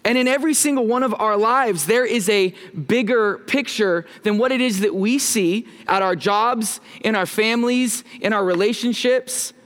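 High-voiced joking young pastor. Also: male voice, moderate pace, few pauses, a bit bright. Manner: casual, joking, talks with the congregation. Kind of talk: sermon. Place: church sanctuary.

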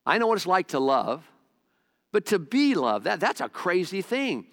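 A man's voice: high-pitched, very animated, moderate pace, a bit bright. Earnest middle-aged male pastor preaching. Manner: earnest, repetitive, conversational preaching with shifting pace. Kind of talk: sermon. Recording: long hall reverb.

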